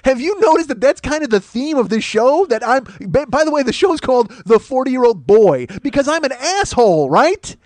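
A man in his forties rants through a comedic solo monologue, rambling, swearing and sounding exasperated. His voice sits high for a man and he talks quickly. The sound is close and dry, with no room around it. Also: very animated, a little mellow, dry recording. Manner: profane, rambling, exasperated ranting. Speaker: podcast host.

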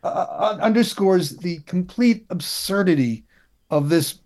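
A man talking politics in a casual chat, wry and halting, with many restarts. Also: high-pitched, animated, a little mellow.

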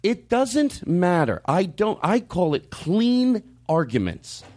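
Male podcast host, lively and somewhat high-pitched, rambling with restarts, a touch sarcastic. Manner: rambling, halting, many restarts and fillers; openly sarcastic at times. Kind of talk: casual discussion.

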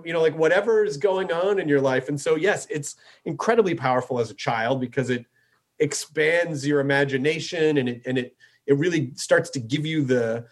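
A man hosting a podcast in casual chat, excitable and full of fillers, swearing casually. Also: on the high side. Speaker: podcast host.

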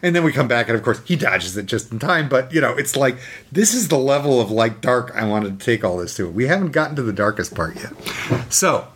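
A man telling a story in casual chat, animated, using many fillers and acting out the scenes. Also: mid-range voice, brisk, slight background noise.

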